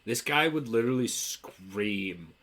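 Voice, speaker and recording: A young man co-hosting a podcast, telling animated stories in casual chat and laughing often. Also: lowish voice, unhurried. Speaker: podcast co-host.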